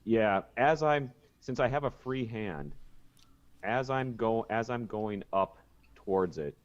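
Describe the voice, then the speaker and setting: A man's voice: on the low side, expressive, slow, lo-fi sound. A man playing a tabletop game online, tentative, asking questions about the rules. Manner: tentative, asks rule questions. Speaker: player. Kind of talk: casual play at the table.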